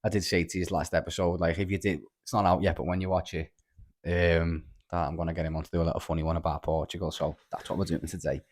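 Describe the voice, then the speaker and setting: A young man with a Liverpool accent hosting a podcast, telling stories in animated, casual chat full of swearing and "lad". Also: low voice, fast. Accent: Liverpool (Scouse). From Liverpool, England. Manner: animated storyteller, swears freely, lots of "lad" and "like". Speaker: podcast host.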